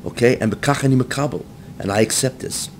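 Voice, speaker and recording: A rabbi teaching a room full of listeners. He talks at an ordinary middle pitch, dropping in Hebrew phrases and stopping often to ask "right?" A faint low rumble hums under his voice. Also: fast. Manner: animated, rising to near-shouting when acting out the text; mixes Hebrew phrases with English, keeps asking "right?". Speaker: rabbi giving a Torah class. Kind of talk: lecture to a live class.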